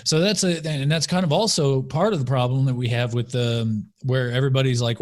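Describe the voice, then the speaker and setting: A man co-hosting a podcast, speaking at a middle pitch. He argues his points in an opinionated way, often asking "right?" to drive them home. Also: brisk, hardly any pauses, darkish tone. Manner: opinionated, argumentative. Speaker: podcast co-host. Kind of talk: casual chat. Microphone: studio mic.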